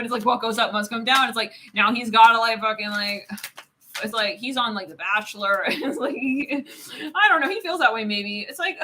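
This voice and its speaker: A woman's voice: fairly high pitch, pushed and bright, a little hiss or hum. Giggly rambling woman reading tarot. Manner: rambling, giggly, says "it's like" constantly. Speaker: tarot reader. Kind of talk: live tarot reading, casual chat.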